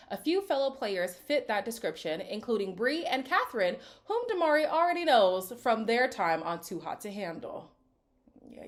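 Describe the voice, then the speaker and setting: Woman, casual recap vlogger, sassy asides, very animated pitch. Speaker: reality TV recap YouTuber. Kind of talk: casual reaction commentary reading cast bios.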